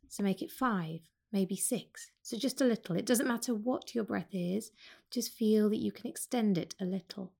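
A woman teaching yoga, speaking slowly and calmly as she guides a breath meditation. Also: mid-range voice. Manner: slow, calm and soothing.

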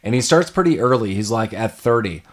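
A man's voice: on the low side, animated, fairly quick. Laid-back man chatting about a film. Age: adult parent. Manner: laughs often, loosely paraphrases scenes. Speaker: podcast co-host. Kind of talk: casual chat about a film.

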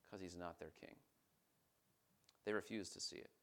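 A man preaching a sermon as pastor, reading scripture aloud and stopping to comment, moving between emphatic, rising questions and quiet, low statements. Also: animated, a little slow, long pauses. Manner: reads scripture aloud and breaks off to comment, swinging from emphatic to hushed.

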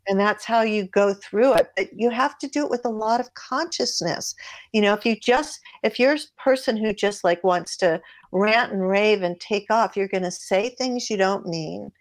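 Woman, relationship guest, conversational advice, animated, acts out lines. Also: mid-range voice, normal speed. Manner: animated, acts out dialogue in her stories. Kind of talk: advice-giving podcast conversation.

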